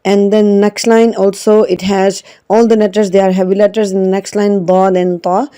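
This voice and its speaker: A woman's voice: mid-range voice, little pitch movement, normal speed, warm tone, clear, resonant tone. A woman teaching an online Quran reading lesson, patiently drilling each syllable and repeating it. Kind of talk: slow spelled-out online lesson.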